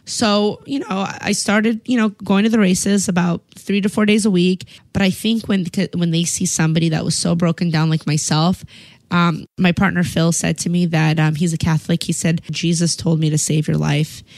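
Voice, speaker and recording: A woman's voice: lowish voice, normal speed, dry recording. Chatty woman telling a story, dry sound. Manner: animated, chatty, lots of "like" and repeated words. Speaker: guest telling her story. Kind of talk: casual storytelling chat.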